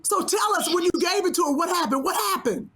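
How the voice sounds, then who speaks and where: Playful high-voiced woman co-host. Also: animated, fast talker, a bit bright, slight background noise. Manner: interjecting, playful, eggs the guest on. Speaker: podcast co-host. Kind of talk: casual chat.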